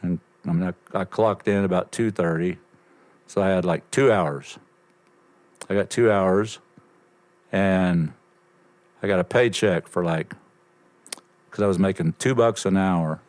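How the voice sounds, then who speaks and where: An older man telling a lively story as a podcast guest, swearing freely and acting out bits of conversation. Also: deep voice, unhurried, pauses often. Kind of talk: casual storytelling.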